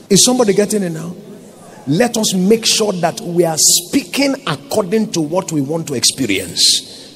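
A man's voice: high-pitched, big pitch swings, moderate pace, a bit bright, slight background noise. A Nigerian man preaching a sermon as pastor, emphatic and full of rhetorical questions to his congregation.

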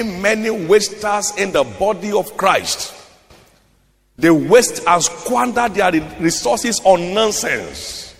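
A man with a Nigerian accent preaching a sermon, reading scripture in a half-sung cadence and repeating key phrases for emphasis. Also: sits high. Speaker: pastor. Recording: long hall reverb.

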